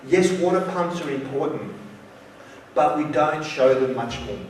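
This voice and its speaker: Here a guest lecturer, an Australian man with a somewhat high voice, acts out the dialogue of a story during a university lecture. Slight background noise accompanies heavy hall echo, and he is far from the microphone.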